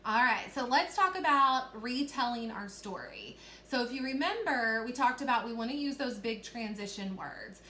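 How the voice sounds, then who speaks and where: A woman's voice: a little high, animated, normal speed, few pauses, bright, forceful tone, echoey room. A woman teacher giving a recorded reading lesson to children, explaining patiently step by step and often checking in with "okay?".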